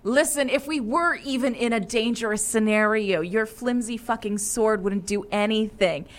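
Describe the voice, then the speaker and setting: A woman's voice: a little high, moderate pace, close to an everyday voice. A woman voicing a blunt, dismissive female ship captain. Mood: scornful.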